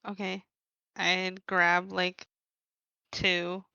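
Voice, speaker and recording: A woman playing a tabletop game, talking in a flat, matter-of-fact way. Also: lowish voice, drawn-out words, creaky, clear, resonant tone, no echo, dull audio. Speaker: player.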